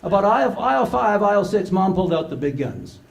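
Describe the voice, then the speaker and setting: An older man giving a humorous keynote to a conference audience, an animated storyteller who acts out the dialogue. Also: sits high, brisk, gravelly. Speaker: conference speaker. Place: large conference hall with live audience. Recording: echoey conference hall.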